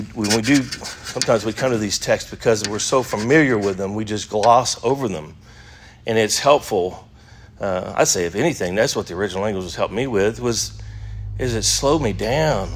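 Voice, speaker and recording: A man teaching an adult Sunday school class, talking conversationally with fillers and restarts and stressing key words with sudden emphasis. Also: mid-range voice.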